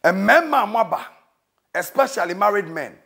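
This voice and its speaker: Ghanaian man preaching a comic sermon, high and husky, wide swings in pitch, scolding with sudden shouts. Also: lively intonation, moderate pace. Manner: scolding, dramatic, bursts into shouting.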